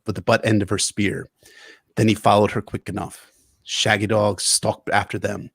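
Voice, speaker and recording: A man's voice: fairly low pitch, fairly bright tone, husky, no room sound. A man in his young adult years, co-hosting a podcast and reading a chapter synopsis with earnest, emotional delivery. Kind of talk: book synopsis reading and chat.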